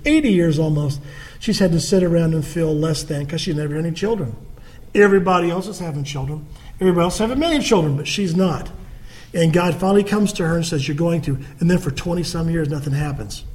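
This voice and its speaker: A man's voice: high voice, darkish tone. A man preaching a sermon in a conversational way, reading scripture and acting out the people in the story. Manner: conversational preaching, acts out quoted dialogue. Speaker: pastor.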